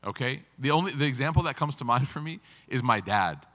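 A man's voice: mid-range voice, animated, fairly quick, bright, forceful tone. A man giving a casual, story-filled religious lecture, with humor and rising emphasis. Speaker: religious teacher. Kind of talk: conversational lecture. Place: lecture hall. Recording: reverberant hall.

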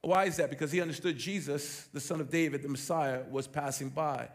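High-voiced gravelly male preacher. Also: a little fast. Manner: animated, emphatic, rhetorical questions. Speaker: pastor. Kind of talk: sermon.

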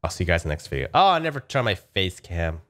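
A man giving casual, excitable commentary over gameplay, talking to his viewers and speculating. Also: deep voice, quick pace. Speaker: gaming YouTuber.

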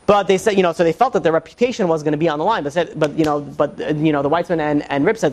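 Halting, chatty male rabbi lecturing. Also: a little high, a little mellow. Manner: halting, peppered with "you know" and restarts. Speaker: rabbi teaching a class. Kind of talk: informal lecture with humorous asides.

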